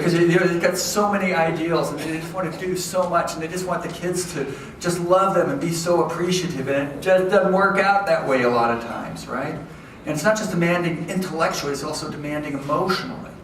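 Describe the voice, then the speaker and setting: A man giving a lively, conversational lecture to educators, often checking in with his audience. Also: a little high. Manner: lively, conversational, keeps checking in with "okay?" and "right?". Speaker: education professor giving a talk. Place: large hall with an audience. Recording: echoey hall from far off, faint noise.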